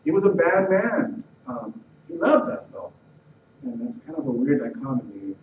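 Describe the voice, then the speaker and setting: A middle-aged man from the Los Angeles area telling a personal life story in a halting way, repeating words and restarting sentences. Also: mid-range voice, sing-song. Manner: halting, repeats words and restarts, voice rising when retelling tense moments. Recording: roomy, distant, dull and slightly noisy.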